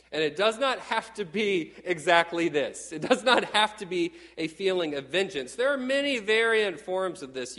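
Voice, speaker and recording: A middle-aged man from Texas preaching a sermon in a lively, conversational way, often acting out quotes. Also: a little high, in a large hall. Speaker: pastor.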